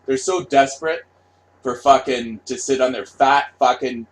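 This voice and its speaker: A middle-aged man hosting his own channel, delivering a profane, mocking rant with shouted outbursts. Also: medium pitch, normal speed. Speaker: commentary channel host. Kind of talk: ranting monologue.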